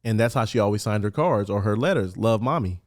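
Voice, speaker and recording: Casting: man, low-ish voice, candid and earnest storyteller, casual street talk, podcast guest. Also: animated, a little fast. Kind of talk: personal storytelling interview.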